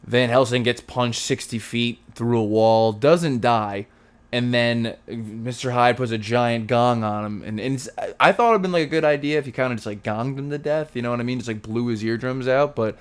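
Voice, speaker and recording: A man's voice: mid-range voice, normal speed, smooth. A man in his thirties reviewing a movie in a casual, jokey, sarcastic way, rambling through the plot.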